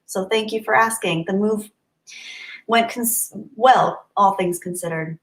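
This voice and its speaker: In an echoey room, a young woman live-streaming reads out comments from her viewers and thanks them, occasionally getting emotional. She speaks a little slowly in a mid-range voice, her manner warm, grateful and gently moved.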